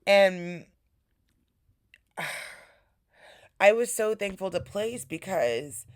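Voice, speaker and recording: A young adult woman hosting a podcast tells a story casually, swearing freely and emphatically hyping herself up. Her medium-pitched voice is animated, with drawn-out words, and the recording is dry and studio-quality.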